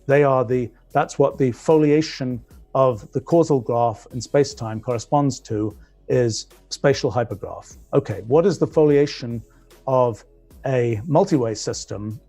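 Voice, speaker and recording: A man's voice: medium pitch, unhurried, warm tone, soft background music. A man with a British accent giving a technical physics lecture, thinking aloud with frequent restarts as he explains.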